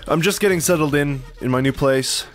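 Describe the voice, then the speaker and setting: A man giving casual commentary on a game, excitable and jumpy, swearing and laughing when startled, recorded at home on a desktop mic. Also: on the high side, fairly quick. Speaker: let's play gamer. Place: room at home.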